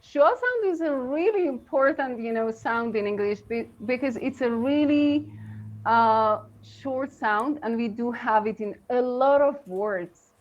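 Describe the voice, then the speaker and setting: A woman co-hosting a live online English lesson, talking slowly with many fillers over a video call. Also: fairly high pitch, lively intonation, a little hiss or hum. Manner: slow, halting, many fillers. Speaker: co-host English teacher. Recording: dull lo-fi stream audio.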